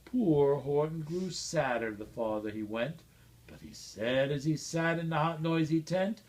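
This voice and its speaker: Expressive slow read-aloud storyteller. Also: medium pitch. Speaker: reader at a school reading event. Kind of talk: reading a rhyming picture book aloud.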